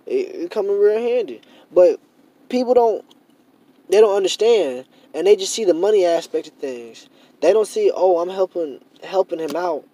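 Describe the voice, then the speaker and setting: A man's voice: high-pitched, animated, normal speed, mellow. A young man in a casual monologue to camera, rambling and repeating himself with many fillers, growing heated and emphatic. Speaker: vlogger.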